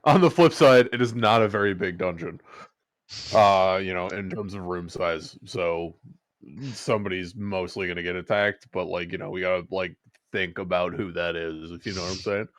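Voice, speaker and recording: A man's voice: sits low, normal speed, no echo, studio quality. A man chatting casually as a player in an online tabletop game, hesitant and full of fillers. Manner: hesitant, many fillers and restarts.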